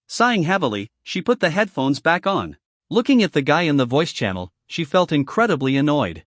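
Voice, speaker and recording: A man narrating a comic story recap in a brisk storytelling manner. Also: on the high side, very animated, no room sound, studio quality.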